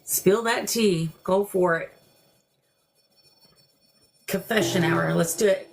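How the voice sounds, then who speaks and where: A woman's voice: on the low side, takes it slowly, creaky. An older woman hosting a paranormal livestream from home, chatting casually, laughing and coaxing spirits with questions. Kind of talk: casual live-stream chat.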